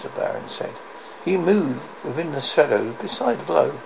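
A man reading a novel extract aloud on the radio, in a halting way with slips and restarts. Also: a little high, expressive, creaky, a little mellow, muffled recording, a little hiss or hum. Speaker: radio reader.

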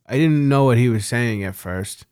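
A man's voice: medium pitch, normal speed, a little mellow, smooth, dry recording, studio quality. A young man co-hosting a casual chat show, swearing freely and laughing through his stories. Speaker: podcast co-host.

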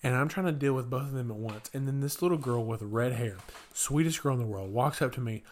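A young man on a podcast telling a story the easy way, talk strung together with filler words. He jumps up high when he acts out shouting kids, then drops back to his plain mid-pitched voice. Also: brisk. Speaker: podcast co-host. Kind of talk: casual chat.

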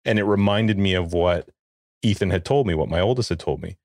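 A man in his forties with a low voice tells a family story on a podcast, acting out what everyone said. The sound is dry and close, with no room around it. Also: a little fast, dry recording. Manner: animated storyteller, acts out quotes. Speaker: podcast co-host. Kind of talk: casual chat.

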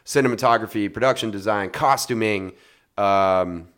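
A man's voice: lowish voice, normal speed, a bit bright. A man hosting a casual movie podcast, summarizing film plots with jokey asides. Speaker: podcast host.

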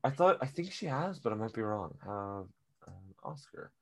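A man's voice: fairly low pitch, sing-song, moderate pace, fairly bright tone. A young man co-hosting a casual movie review chat, joking and swearing freely. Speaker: podcast co-host.

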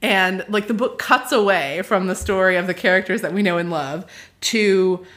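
A chatty woman co-hosting a book podcast, talking in a wry, joking way. Her voice sits in a middle pitch. She reads long passages aloud and breaks off to comment. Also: normal speed, fairly bright tone. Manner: chatty and wry, with frequent laughs. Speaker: podcast co-host. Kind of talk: casual book discussion and reading aloud.

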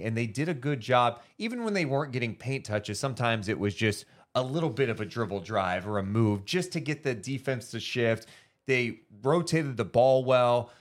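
A man co-hosting a podcast, talking through a basketball game in a casual, analytical way. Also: mid-range voice. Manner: animated, analytical, quotes fans in mock voices. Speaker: podcast co-host. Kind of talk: casual sports talk.

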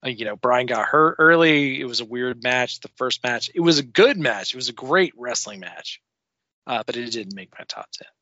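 A male podcast co-host in casual chat, excitable and profane, often laughing as he talks. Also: mid-range voice, moderate pace, no echo, lo-fi sound. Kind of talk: casual wrestling review chat.

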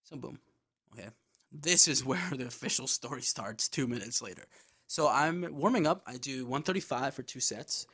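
A young man tells a story on his podcast in a casual, animated way and swears freely. His voice sits at an ordinary middle pitch and jumps up when he gets worked up. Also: moderate pace. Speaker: podcast host.

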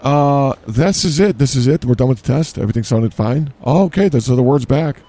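A man co-hosting an improvised comedy podcast in a grocery store, rambling deadpan and trailing off mid-sentence. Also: medium pitch, brisk. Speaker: podcast co-host.

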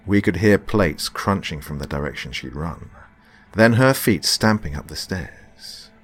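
A man reading a scripted horror story in a slow, hushed, dramatic manner. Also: low voice, expressive, husky, faint music behind. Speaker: narrator.

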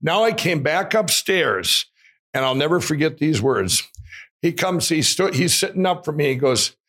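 Animated man telling a story, slightly high. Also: moderate pace. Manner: animated, restarts often, acts out quoted voices. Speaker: guest. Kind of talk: storytelling in an interview.

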